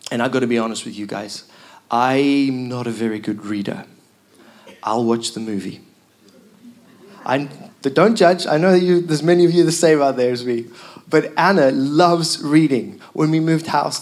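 A man preaching a sermon as pastor, telling the story with emphatic repeated lines. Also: mid-range voice.

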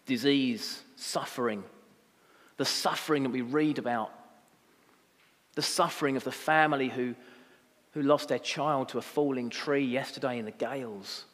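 A man preaching a sermon as pastor, rising to impassioned emphasis and dropping to quiet reflection. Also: medium pitch, moderate pace, pauses often. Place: church. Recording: long reverb of a church hall.

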